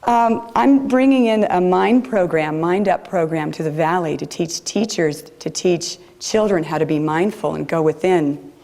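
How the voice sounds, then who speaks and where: A woman delivering a sermon in a chapel, her gentle, reflective words carried by a low voice with a gravelly edge. The tone is dark and mellow throughout. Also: a little slow. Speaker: preacher.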